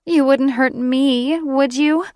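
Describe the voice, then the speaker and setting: A woman's voice: a little slow, no echo, clean studio sound, lightly acted. A woman voicing a haughty, spiteful female griffin shifter who sneers and shrieks her lines. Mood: mock cooing. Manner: sneering, shrill and venomous.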